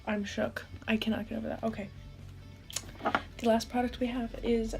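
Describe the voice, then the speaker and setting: A young woman talks through a makeup tutorial in a casual, candid way, often breaking into exclamations. Her voice sits a little high and has a gravelly fry to it. Faint music plays behind her. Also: level tone, moderate pace, pauses often, warm tone. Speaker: beauty vlogger.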